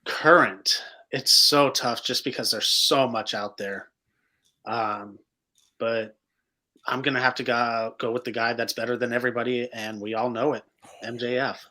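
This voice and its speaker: A man chatting as a podcast guest. His voice is bright and forceful at a middling pitch, and he stretches out key words for emphasis. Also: fairly even intonation, measured pace. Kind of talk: casual chat.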